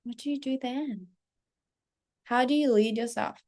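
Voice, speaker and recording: A woman's voice: sits high, a little slow, darkish tone. A woman in her thirties, a self-development coach, telling a personal story to her followers in a candid, casual way, with plenty of swearing and acted-out self-talk.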